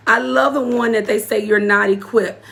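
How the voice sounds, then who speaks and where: A woman's voice: a little high, steady tone, normal speed, gravelly, a bit bright. A woman giving an emotional personal testimony as an apostle and community leader, speaking straight to her live audience and repeating key phrases for emphasis. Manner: preacherly, speaks directly to the audience.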